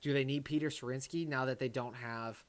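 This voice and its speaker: A man hosting a casual live-stream watch party, reading viewer comments aloud and reacting. He is excitable and swings between loud bursts and low muttering. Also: a little fast. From Detroit area. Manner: excitable, talks to chat and his pet, swings from loud to muttering.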